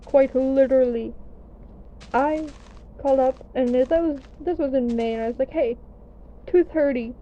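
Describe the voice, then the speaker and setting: A young gaming vlogger from the US narrates a story over gameplay in a relaxed, talkative manner, making fun of herself and swearing at times. Her voice is high-pitched and mellow, and her pace is moderate. The highs are cut off, and there's slight background noise.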